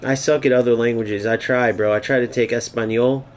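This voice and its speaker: A man's voice: medium pitch, fairly even intonation, a little fast, slight background noise. A young man giving casual, profane running commentary while playing a football video game, trash-talking his opponent. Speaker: gaming streamer. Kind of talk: live gameplay commentary.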